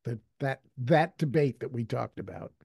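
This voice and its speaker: Male co-host, mellow dark tone, reminiscing, casual podcast chat. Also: mid-range voice, moderate pace, creaky, slightly rough, no room sound, studio quality. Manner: reminiscing, quotes his own past advice. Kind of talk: casual conversational podcast talk.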